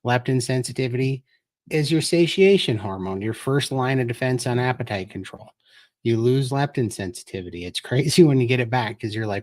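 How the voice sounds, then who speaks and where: Male guest, earnest and explanatory, mid-pitched voice, live-stream chat. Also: brisk, a little mellow. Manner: earnest, explanatory, tells his story.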